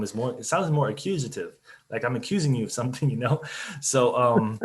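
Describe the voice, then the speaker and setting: A man's voice: mid-range voice, animated, fast talker. A man speaking casually as a CEO on a business webinar, chatty and loose, with many fillers and restarts, over a video call mic. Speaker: company CEO on a webinar panel.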